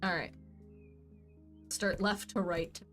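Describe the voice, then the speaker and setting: A woman's voice: on the low side, fairly even intonation, slow, a bit bright, faint music behind. A woman casually chatting while streaming a game, rambling and answering her chat as she plays.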